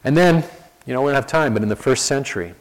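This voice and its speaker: A man preaching a sermon in a conversational, animated storytelling manner, often restarting his sentences. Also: mid-range voice, quick pace, rough recording. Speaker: pastor.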